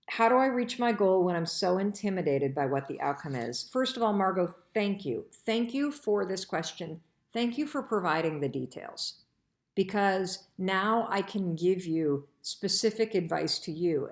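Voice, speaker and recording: A middle-aged woman hosting a live stream, giving earnest, emphatic advice straight to her listeners. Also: on the low side. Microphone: live-stream broadcast mic. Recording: echoey room.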